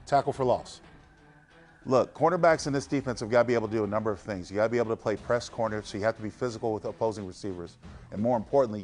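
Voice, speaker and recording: A man breaking down game film, explaining defensive plays in a quick instructive way. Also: medium pitch. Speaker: football film analyst. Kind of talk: scripted film-breakdown narration.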